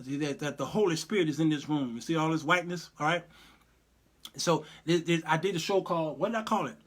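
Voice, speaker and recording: Here the middle-aged host speaks fast, his voice on the high side. Reading live chat on his casual online commentary show, he chats loosely, laughs a lot, and imitates people as he remarks on them.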